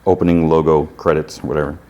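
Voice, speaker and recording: A man with a low, deep voice recaps a show episode in loose, conversational chatter. He rambles along, leaning on fillers as he retells each scene. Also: flat delivery, fast, warm tone, lo-fi sound. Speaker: podcast host.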